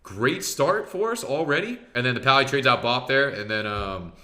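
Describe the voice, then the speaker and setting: A man giving a casual, excitable commentary on his own match, swearing freely and talking straight to his viewers. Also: medium pitch, moderate pace. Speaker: professional arena player reviewing his match.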